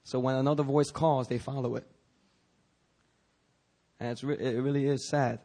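A pastor with a steady, dark, medium-pitched voice preaches at normal speed. He keeps it jokey and informal, drifting into asides, restarting phrases and coughing here and there.

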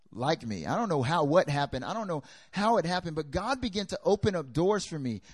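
Animated young pastor preaching, dry sound. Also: male voice, mid-range voice, dry recording. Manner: animated storytelling, acts out dialogue. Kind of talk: sermon with personal story.

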